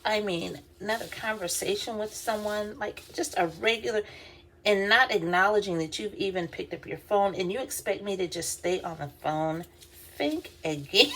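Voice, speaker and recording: A woman's voice: medium pitch, fairly bright tone. A woman vlogger, telling a work story in a casual, chatty way, with lots of fillers and laughs. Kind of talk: casual storytelling while doing her hair.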